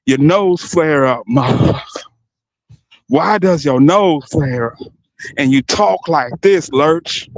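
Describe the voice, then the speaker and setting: A man's voice: fairly high pitch, no room sound, low-quality recording. A young man delivering a heated, profane and mocking rant as a streamer. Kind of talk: heated ranting commentary.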